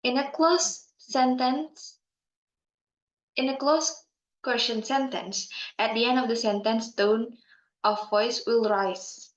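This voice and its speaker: A young woman giving a class presentation, speaking slowly and carefully with pauses and fillers. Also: a little high, steady tone. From Indonesia. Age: young adult. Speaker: student presenter. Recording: muffled sound in an echoey room.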